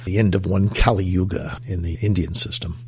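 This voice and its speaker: Man, low and husky, relaxed show host who chats and introduces segments. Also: fairly quick. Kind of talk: casual co-hosted show talk.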